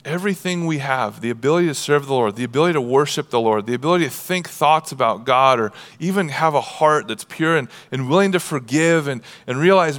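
A male pastor preaching a sermon, animated, moving between hushed passages and shouting. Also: medium pitch, brisk, few pauses, long reverb tail. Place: church sanctuary.

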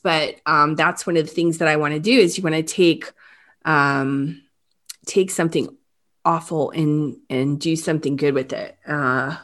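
A woman hosting an interview, talking haltingly with many restarts, close to tears. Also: sits low, steady tone. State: emotional, near tears. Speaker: host. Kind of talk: emotional interview about a crime case.

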